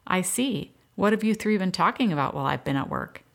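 A woman's voice: lowish voice, expressive, brisk, vocal fry, voice pushed up. A woman voicing a kind father home from work, mild and pleased.

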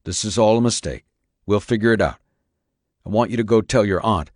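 A man's voice: lowish voice, a little fast, darkish tone, no room sound, clean studio sound, natural voice. A man playing an accused father who insists on his innocence in an earnest, pleading way. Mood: reassuring. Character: accused middle-aged father, earnest and indignant.

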